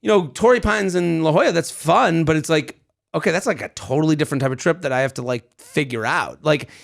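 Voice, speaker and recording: A man in his thirties co-hosting a podcast, telling stories in animated casual chat and swearing freely. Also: a little high, brisk, creaky. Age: 30s. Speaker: podcast co-host.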